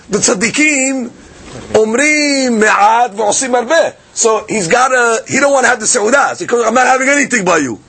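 A man giving a daily Talmud lesson, explaining in a lively conversational way with many fillers and restarts. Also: sits high, breathy edge. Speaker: Talmud teacher.

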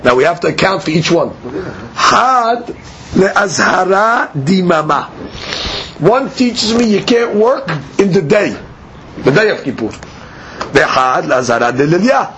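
A man with a notably high, light voice leads a study class lecture. He explains patiently, stopping to ask himself questions and then answer them. A faint hum of ambience sits under his voice. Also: lively intonation, measured pace, a bit bright, dull audio. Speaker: teacher.

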